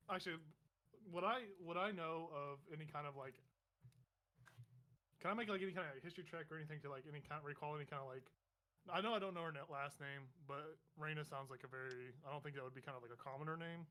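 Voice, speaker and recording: A man's voice: a little high, sharp tone, poor audio. A man playing in a tabletop game, rambling with many fillers and laughing easily. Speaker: player.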